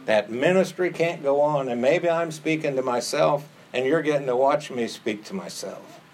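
A man's voice: medium pitch, normal speed, a little hiss or hum. A man preaching a sermon in an earnest tone, acting out the quoted prayers with rising intensity. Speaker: pastor.

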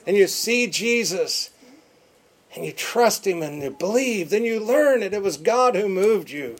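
A man preaches in a high, expressive voice with a breathy edge. He repeats words emphatically for stress and occasionally falls to quiet, elongated phrasing.

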